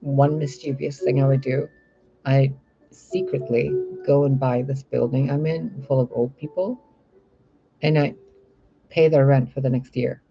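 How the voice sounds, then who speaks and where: A man's voice: medium pitch, flat delivery, unhurried, creaky. A man talking in a casual, rambling, profane monologue as a spiritual reader. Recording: slightly muffled with faint music. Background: faint music.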